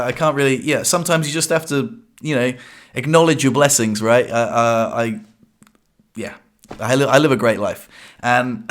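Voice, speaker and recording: This is a young man, chatting to his viewers. He sounds upbeat and talks in loose bursts, often stopping to restart a phrase. His voice sits at a middle pitch. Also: fairly bright tone. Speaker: vlogger. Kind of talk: casual talk to camera.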